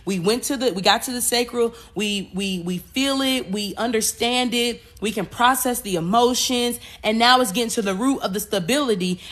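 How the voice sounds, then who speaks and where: Bright, animated woman podcast host. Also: medium pitch. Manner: animated, repeats words, acts out voices. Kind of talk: spiritual talk monologue.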